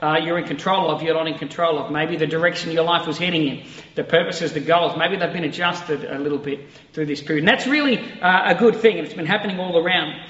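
A man's voice: a little high, quick pace, a bit bright, echoey room, long reverb tail, dull audio. A man preaching an online sermon to a camera in an empty church, talking in a conversational, reflective way. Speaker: pastor. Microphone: facing a camera.

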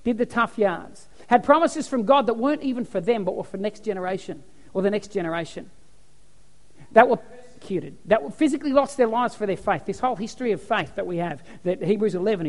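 Animated pastor in echoey hall. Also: male voice, high-pitched. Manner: animated storytelling, acts out cheering crowds. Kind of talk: sermon. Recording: echoey hall with long reverb.

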